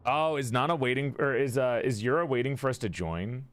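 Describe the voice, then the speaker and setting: Faint soundtrack music from a game plays behind a streamer's casual live chat, full of free swearing, frequent laughs, and running self-corrections. His mid-range voice is brisk, with no echo.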